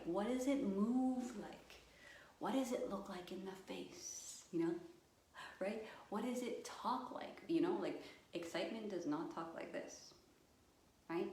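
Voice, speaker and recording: A woman yoga and meditation coach guiding a live session, slow and soothing, with playful acted-out voices. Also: medium pitch, a little mellow. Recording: echoey room, distant mic, faint noise.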